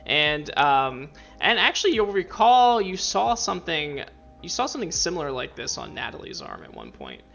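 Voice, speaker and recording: Gravelly man running a tabletop game. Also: on the high side, wildly swooping pitch, moderate pace, sharp tone, dull audio, faint music behind. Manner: rambling, full of fillers and restarts. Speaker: game master.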